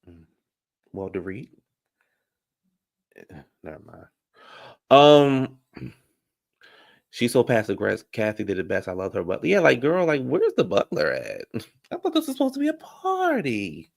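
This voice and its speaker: A man giving a sassy, animated casual recap of a reality TV episode, laughing often. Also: medium pitch, measured pace, gravelly, pauses often. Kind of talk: casual reaction commentary.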